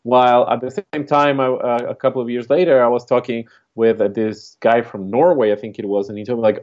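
A man's voice: medium pitch, steady tone, fast talker, darkish tone. A man from Chile with a Chilean Spanish accent, co-hosting a casual chat, reflective and rambling with lots of fillers. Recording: dull lo-fi recording.

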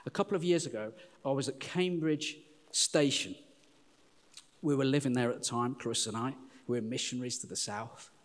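A middle-aged man preaching a sermon, animated and chatty, often calling listeners "folks". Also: medium pitch, normal speed. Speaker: pastor. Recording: long hall reverb.

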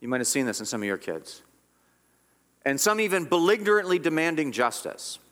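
A man's voice: on the high side, sing-song, a little fast, fairly bright tone. A man preaching a sermon as pastor, earnest and emphatic, often repeating and restarting his words.

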